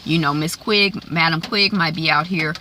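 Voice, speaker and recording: A woman talks through a TV episode in a loose, rambling vlog recap, stopping and restarting her sentences. Her voice is bright and forward. A faint hiss sits under the recording. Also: sits low, normal speed. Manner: chatty, rambling, many fillers and restarts. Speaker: TV recap vlogger.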